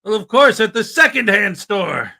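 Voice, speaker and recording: A man's voice: high-pitched, big pitch swings, normal speed, gravelly, bright, forceful tone. A man hosting a morning livestream, greeting viewers by name in a chatty, upbeat way. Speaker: livestream host. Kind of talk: casual livestream chat.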